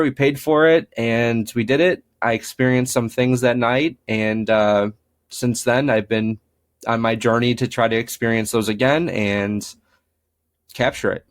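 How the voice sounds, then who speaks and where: A young man talks through his ghost-hunting past in a loose, rambling way, full of "um" and "like." He slips into little voices when he quotes people. His pitch sits in the middle range for a man. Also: fairly even intonation, measured pace. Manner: rambling, frequent fillers, acts out quoted dialogue. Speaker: paranormal investigator guest. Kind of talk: casual storytelling interview.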